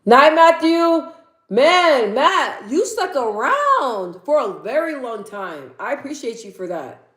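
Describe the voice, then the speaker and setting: A woman's voice: sits high, very animated, takes it slowly, fairly bright tone. Chatty young woman, echoey room. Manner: laughs often, chatty, reads chat aloud. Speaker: livestream host. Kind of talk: casual livestream chat.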